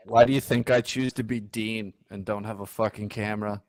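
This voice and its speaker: A man's voice: lowish voice, steady tone, a little fast, dry recording. A man in his thirties in a casual online chat, ranting with lots of swearing. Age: 30s. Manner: profane, ranting.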